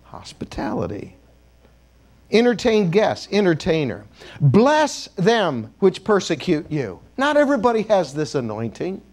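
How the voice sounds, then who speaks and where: Bishop preaching in church, high voice bouncing all over, cracking jokes, gets folks to say words back. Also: male voice, huge pitch swings, measured pace, a little mellow. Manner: humorous, calls on the congregation to repeat words. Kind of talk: sermon.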